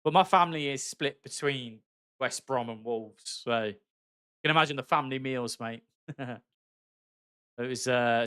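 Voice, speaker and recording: A man's voice: mid-range voice, measured pace, long pauses, sharp tone, smooth. A man from the West Midlands with a Black Country accent, chatting casually with viewers while streaming a game. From West Midlands, England. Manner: chatty, friendly, calls viewers mate. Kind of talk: casual live-stream chat while gaming.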